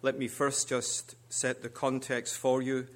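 Slow, measured male preacher. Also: medium pitch, flat delivery. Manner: measured, deliberate phrasing in short spoken phrases. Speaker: guest preacher. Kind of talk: sermon.

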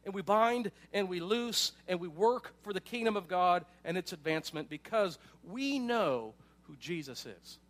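A man's voice: sits high, lively intonation, moderate pace, a bit bright. A man preaching a sermon in a casual, conversational way, with frequent asides and questions to the congregation. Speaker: pastor.

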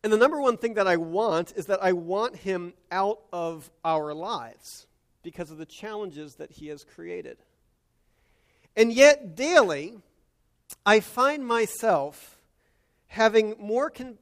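A man preaching an earnest sermon, moving between hushed and emphatic delivery. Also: sits high. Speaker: pastor.

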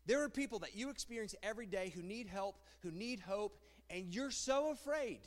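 A married man preaching a sermon as pastor, animated and rhetorical, often repeating phrases. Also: high voice, normal speed. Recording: long hall reverb.

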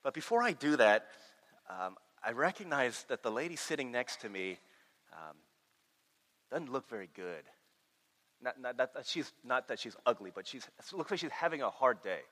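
Male pastor mid-sermon: animated storyteller who trips over and repeats words, bright forceful voice in a long-reverb hall. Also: mid-range voice, normal speed.

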